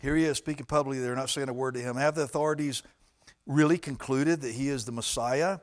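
A male preacher delivering a sermon in an animated way, swinging from hushed, intimate lines to loud, emphatic ones. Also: mid-range voice, brisk.

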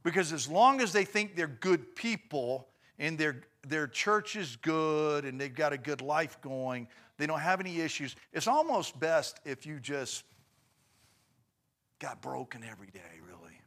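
A man hosting a faith talk show, commenting in an animated, excitable way. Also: unhurried. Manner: excitable, mimics preachers in high voices.

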